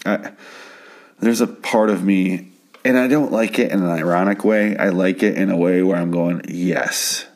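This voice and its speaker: Deep-voiced man rambling through a recap. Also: steady tone, moderate pace, a little mellow. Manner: rambling, profane, stammering. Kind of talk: casual episode recap. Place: home at night.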